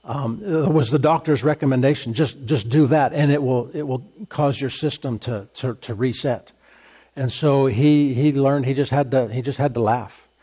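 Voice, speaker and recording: A man preaching a sermon as pastor, emphatic and repetitive, with deliberate bursts of laughter. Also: medium pitch, dark tone, breathy edge.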